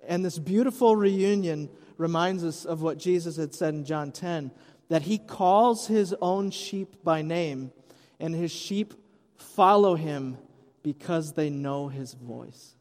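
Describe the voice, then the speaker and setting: A man's voice: fairly high pitch, slow, a little mellow. A man preaching an Easter sermon as pastor, retelling the story conversationally with light humor. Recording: long hall reverb.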